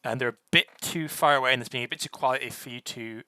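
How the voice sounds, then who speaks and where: Young man as game master, bright tone, dry close mic, stop-start narration. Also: mid-range voice, clear, resonant tone, no room sound. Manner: halting, many fillers and restarts.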